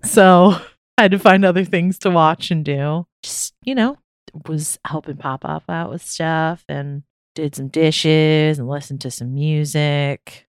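A woman's voice: deep voice, a little slow, clean tone, no echo, studio quality. A young woman hosting a casual podcast chat, bubbly and talkative, laughing easily. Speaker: podcast host.

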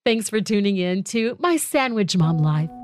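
A woman's voice: medium pitch, animated, normal speed, darkish tone, dry recording, studio quality, faint music behind. Heartfelt woman podcaster. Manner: heartfelt, emphatic, repeats phrases for weight. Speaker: podcast host. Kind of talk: personal reflective monologue.

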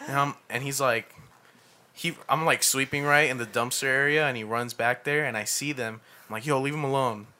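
A man's voice: medium pitch, normal speed. A young man co-hosting a casual podcast, telling stories with lots of swearing and laughter. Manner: animated storytelling, swearing and laughing. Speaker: podcast co-host. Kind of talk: casual chat.

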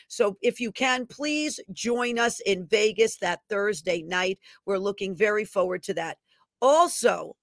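A woman's voice: a little high, no room sound, clean studio sound. A woman minister leading a fervent, commanding prayer and then chatting through announcements and prophetic teaching in an upbeat, conversational way.

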